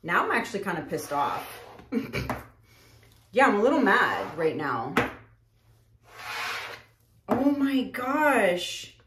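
A woman's voice: medium pitch, big pitch swings, slow, long pauses, noisy background. A woman artist talking casually to her viewers while she paints. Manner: chatty, addresses viewers directly. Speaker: acrylic pour artist. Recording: echoey room.

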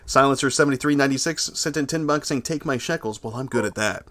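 A man in the middle of the male pitch range hosts a casual livestream. He reads viewer messages aloud in a laid-back, crude way. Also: quick pace, fairly bright tone. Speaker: livestream host. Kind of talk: casual livestream chat reading donations.

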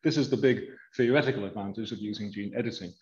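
A man lecturing on research, walking the audience through slides in a measured, hedging way. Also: fairly low pitch, a little mellow, dull audio. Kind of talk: academic lecture.

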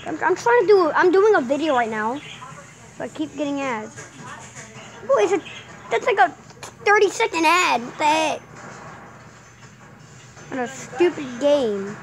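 A woman's voice: high-pitched, sing-song, a little slow, long pauses, low-quality recording. A woman hosting a gaming channel, giving casual commentary in a jumpy, playfully exasperated way.

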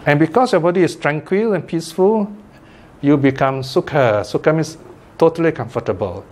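An older man teaching a Buddhist class in a relaxed, conversational way, often checking in with listeners by asking "okay?" and "right?" and chuckling now and then. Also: a little high, moderate pace. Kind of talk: informal Dhamma class talk.

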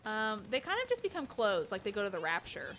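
A woman's voice: mid-range voice, huge pitch swings, fairly quick, a bit bright, a little hiss or hum. A woman hosting a charity game stream in casual chat, giggly and chatty as she reads out donations.

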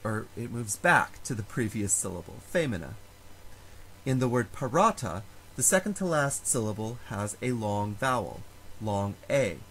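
A man teaching a Latin lesson, explaining stress rules slowly and carefully and sounding out example words. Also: lowish voice, expressive, fairly bright tone, a little hiss or hum, poor audio. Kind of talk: recorded lecture.

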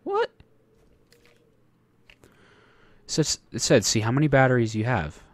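Animated man chatting through a horror game. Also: medium pitch, measured pace, no echo, studio quality. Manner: chatty, talks to the game characters. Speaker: gaming channel host. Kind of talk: let's play commentary.

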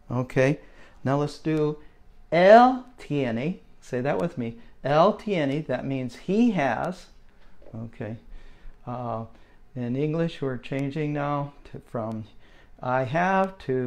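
A man teaching a beginner language lesson in a slow, patient way, checking in with "okay?" as he goes. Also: fairly high pitch. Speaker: Spanish teacher.

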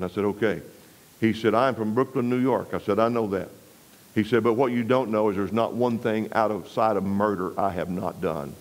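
Preaching revival-style, this West Texan spins folksy stories, sinking to a quiet low when he wants a point to land and bearing down on scripture. He talks briskly over a rough recording.

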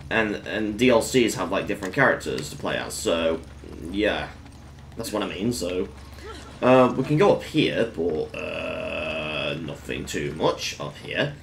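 A man giving casual gameplay commentary in a fairly low voice. His pitch swings widely as he bursts into excited exclamations between relaxed remarks. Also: unhurried, gravelly, slight background noise. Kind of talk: casual let's-play commentary.

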